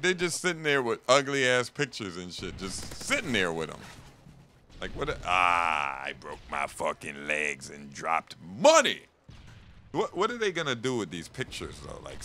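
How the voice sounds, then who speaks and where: A young man chatting casually and profanely while playing a video game, rambling and animated. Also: mid-range voice, a little hiss or hum. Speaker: gaming streamer. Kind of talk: casual gameplay commentary.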